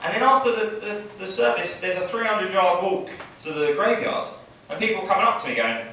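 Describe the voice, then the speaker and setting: A young male stand-up comic with a slightly high voice, chatting to a crowd and ending lines with "right?". The sound is very roomy and picked up from a distance in a small club, with a noisy room and laughter behind him. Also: lively intonation, a little fast, pushed and bright. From Bexley, southeast London. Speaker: stand-up comedian. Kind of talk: stand-up set. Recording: roomy club audio from far off. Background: audience laughter.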